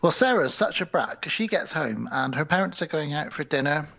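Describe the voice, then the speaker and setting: A man's voice: on the high side, expressive, a little fast, creaky, fairly bright tone, muffled recording. A man co-hosting a podcast, retelling a film's plot casually and acting out the characters' lines. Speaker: podcast co-host. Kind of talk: casual film recap.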